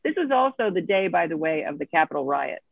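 Gravelly woman on a tinny phone line. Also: lowish voice, fast, dry recording. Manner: animated, acts out quoted speech. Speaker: guest. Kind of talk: personal storytelling in an interview.

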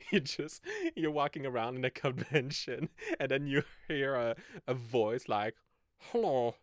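A man's voice: mid-range voice, steady tone, a little slow, no echo, studio quality. A man in his twenties hosting a casual solo podcast, rambling and giggling as he talks. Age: 20s. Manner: rambling and giggly, laughing often mid-sentence. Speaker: podcast host.

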